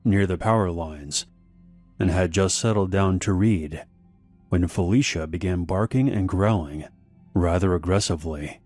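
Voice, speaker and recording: A man narrating a scripted horror story in a measured, unhurried way. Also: low-pitched, darkish tone. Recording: faint background music.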